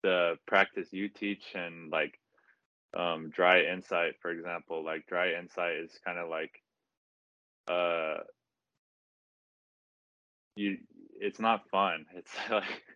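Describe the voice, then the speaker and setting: A young man, a student, talking on a video call in a halting way, filling his sentences with "like". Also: deep voice, fairly even intonation, pushed and bright, no echo. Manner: halting, with many "like" fillers. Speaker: student guest. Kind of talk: casual chat on a video call. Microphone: noise-canceling mic on a video call. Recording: dull, lo-fi video call audio.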